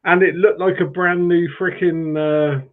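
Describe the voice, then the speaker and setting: A man's voice: high voice, flat delivery, unhurried. A man tells rambling, hesitant stories to a live panel. His voice comes through thin and tinny, like a phone line. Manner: rambling storyteller, hesitant with ums and uhs. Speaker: panel guest. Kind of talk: casual chat on a live stream. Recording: tinny phone-like call audio.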